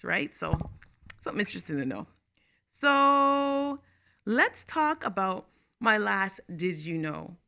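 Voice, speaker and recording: A woman's voice: fairly high pitch, lively intonation, normal speed, bright, forceful tone. A young adult woman hosting a talk show, chatting casually to camera with laughing asides and stressed words.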